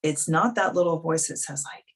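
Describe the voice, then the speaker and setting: A woman's voice: low voice, moderate pace, slightly rough. A woman life coach hosting a live video coaching call, talking frankly and bluntly in a casual, chatty way.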